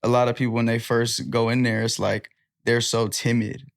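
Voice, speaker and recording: A young man talking casually on a podcast as a guest, telling stories in a relaxed way. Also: mid-range voice, normal speed, creaky. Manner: relaxed, storytelling, quotes himself directing people.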